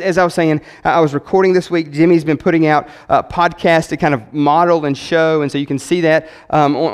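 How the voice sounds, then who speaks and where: Male pastor preaching in an excited, loose style, slightly high-pitched, often restarting sentences. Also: smooth. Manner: enthusiastic, conversational; rambling with frequent restarts. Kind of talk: sermon.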